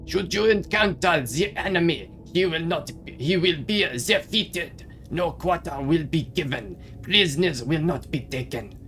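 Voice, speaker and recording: A man reading a commander's speech to his troops in a put-on mock German accent, slow and declaiming. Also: fairly high pitch, lively intonation, fairly bright tone, a little hiss or hum, pitched above the performer's own voice. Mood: stern.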